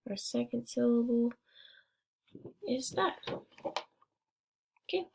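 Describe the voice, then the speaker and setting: A young woman teaching a small phonics lesson, speaking slowly and sounding out each word syllable by syllable. Her voice sits somewhat high, and she keeps praising the class as they work. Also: gravelly, background noise. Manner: encouraging, repeats words slowly and syllable by syllable.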